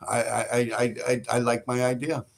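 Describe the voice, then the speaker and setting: A man's voice: medium pitch, little pitch movement, normal speed, vocal fry, a little hiss or hum. A man who tells stories in a rambling, profane way on a livestream he hosts, laughing often. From New York City. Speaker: livestream host. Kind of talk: casual storytelling.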